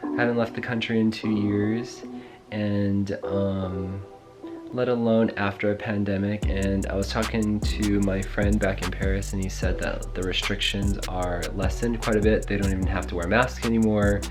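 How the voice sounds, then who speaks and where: A young man in casual vlog chat, rambling and excitable, swearing casually as he talks. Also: fairly low pitch, normal speed, over music. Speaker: travel vlogger.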